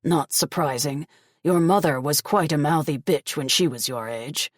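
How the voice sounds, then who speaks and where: A woman voicing a cruel older male crime boss, gruff and contemptuous, in a low voice with a dry close sound. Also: normal speed, no echo. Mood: sneering.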